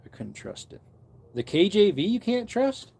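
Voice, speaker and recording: A man's voice: sits high, huge pitch swings, normal speed, creaky, darkish tone, slightly rough. Chatty man rambling on a porch. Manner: rambling, chatty, reads comments aloud. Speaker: preacher. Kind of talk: casual livestream chat. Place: outdoor back porch.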